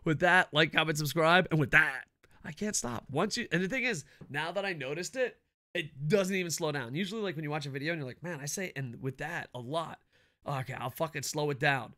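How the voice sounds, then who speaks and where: A middle-aged man ranting loudly about wrestling, cranky and swearing constantly. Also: fairly high pitch, brisk, dry recording. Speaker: wrestling commentary vlogger. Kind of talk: profane ranting commentary.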